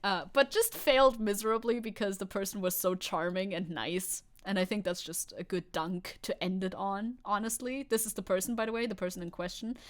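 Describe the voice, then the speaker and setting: A young woman streamer chatting casually over news clips, rambling and swearing, laughing often and restarting her sentences. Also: mid-range voice. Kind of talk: casual live-stream chat.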